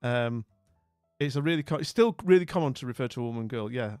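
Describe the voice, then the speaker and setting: A man's voice: fairly high pitch, sing-song, fast, clean tone, no room sound, clean studio sound, soft background music. A middle-aged man chatting casually with his stream's viewers, rambling with lots of fillers and restarts. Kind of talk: casual chat with viewers' comments.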